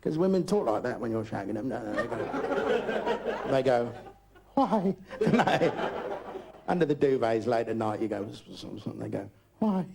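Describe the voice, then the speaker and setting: A man's voice: mid-range voice, animated, a little fast, gravelly, a loud crowd. An older man from Britain doing a crude, rambling live stand-up routine, swearing constantly. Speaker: stand-up comedian. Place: live comedy club. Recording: noisy live recording.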